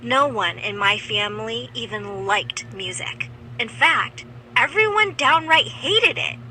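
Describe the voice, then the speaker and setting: Woman doing a stubborn teen girl telling her animated story, bright and a bit high. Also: takes it slowly, slight background noise, exaggerated voice. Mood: determined. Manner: earnest, expressive first-person telling. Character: teen girl dreaming of rock stardom. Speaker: story narrator.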